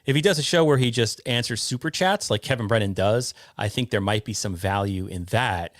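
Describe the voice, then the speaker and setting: Man, podcast host, low voice, rambling, reads chat comments, dry sound. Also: brisk, no room sound. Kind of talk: casual podcast chat reading the live chat.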